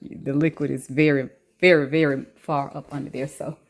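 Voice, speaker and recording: A woman's voice: sits low, flat delivery, moderate pace. A woman chatting casually to her viewers while she cooks in a home kitchen, filmed on a phone, with slangy asides. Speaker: cooking vlogger. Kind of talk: casual cooking vlog chat. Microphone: phone camera.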